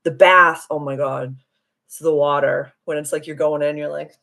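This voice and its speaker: Low-voiced woman chatting on a live stream. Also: moderate pace, vocal fry. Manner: animated, giggly storytelling with acted-out voices; reads and answers viewer comments. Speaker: spiritual coach hosting a live stream. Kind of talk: casual live-stream chat.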